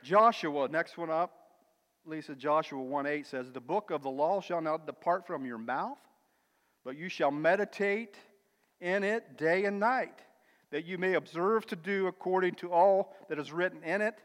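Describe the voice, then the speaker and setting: A high-pitched man preaching in a church hall, his voice ringing with a long reverb. He swings between emphatic, swelling declarations and quiet, conversational asides, addressing the congregation as brother and sister. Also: normal speed. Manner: emphatic, builds to loud declarations then drops to quiet asides. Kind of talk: sermon.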